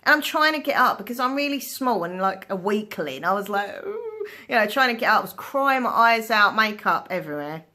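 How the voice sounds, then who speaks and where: Woman, bright voice, animated chatty vlogger telling tales into a phone. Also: mid-range voice, fairly quick, few pauses. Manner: chatty, animated, laughs often, swears casually. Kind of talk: casual storytelling chat.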